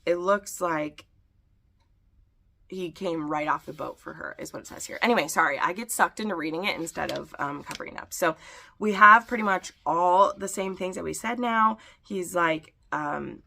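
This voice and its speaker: A woman with a low-set, bright voice full of gravelly fry talks through a book-versus-show recap. She chats casually and reads passages aloud, giving the characters' lines a light touch. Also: normal speed. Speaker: book reviewer.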